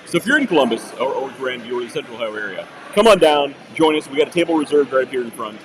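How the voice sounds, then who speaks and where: A man hosting a casual live podcast from a bar table, animated and laughing between lines. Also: mid-range voice, fast talker, a little hiss or hum. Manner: animated, apologetic, laughs often. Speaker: podcast host. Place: table at a bar during an autumn beer festival.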